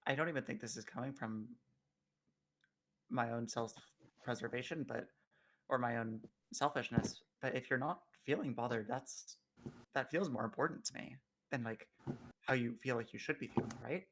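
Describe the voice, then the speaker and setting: A man playing his character in a tabletop game, talking in an earnest, reflective way with gentle hesitations. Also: mid-range voice, normal speed, a little hiss or hum. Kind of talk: in-character roleplay.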